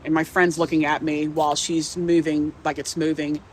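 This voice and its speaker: A woman's voice: low-pitched, level tone, normal speed, a little hiss or hum. A woman telling a first-hand scary story as a podcast guest, rambling, restarting and swearing as she quotes herself.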